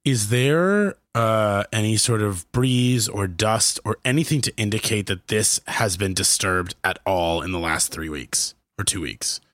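Man player, methodical, clarifying questions, lower voice, dry sound. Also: lively intonation, measured pace, hardly any pauses, fairly bright tone, no echo. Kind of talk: tabletop game play.

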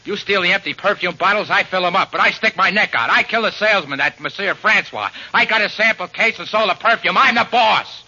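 A man's voice: sits high, fairly quick, hardly any pauses, bright, forceful tone, breathy edge, exaggerated voice. An actor playing a scheming male crook who slips into a fake French accent, in 1940s radio acting style. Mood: menacing. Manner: sneering, menacing, fake French accent at times. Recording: dull vintage radio recording with hiss.

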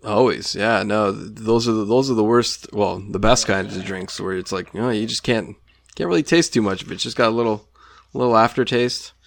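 A man's voice: fairly low pitch, fairly quick, gravelly. A man co-hosting a podcast in casual chat, rambling and laughing often as he sips a drink. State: drinking while talking. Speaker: podcast co-host.

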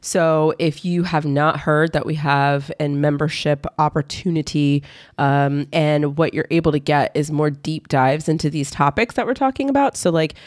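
A young adult woman co-hosting a podcast as a financial coach, animated, often laughing and chiming in. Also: deep voice, no echo, clean studio sound. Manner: animated and laughing, quick agreeing interjections. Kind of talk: casual podcast chat.

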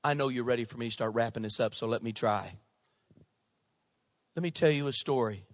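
A man's voice: mid-range voice, brisk, pauses often, no echo. A male pastor preaching a sermon with passion and conversational humor.

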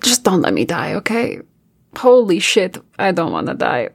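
A woman playing a tabletop game, talking in an anxious, expressive way and swearing freely. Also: on the low side, normal speed, vocal fry. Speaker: player. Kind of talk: casual tabletop role-play.

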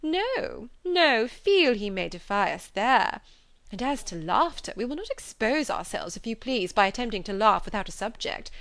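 A woman's voice: fairly high pitch, very animated, normal speed, a bit bright. A woman voicing a haughty, scheming young society lady with an arch, insistent manner. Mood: indignant.

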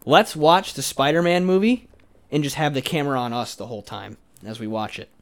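A man's voice: mid-range voice, brisk. A young man co-hosting a casual chat podcast, crude, joking and argumentative, a little drunk. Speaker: podcast co-host.

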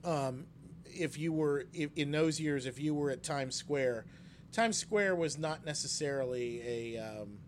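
A man's voice: a little high, a little slow, slight background noise. A man co-hosting a casual chat, telling stories and acting out quotes in a raised voice. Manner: animated storyteller, acts out quotes in a raised voice. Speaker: podcast co-host.

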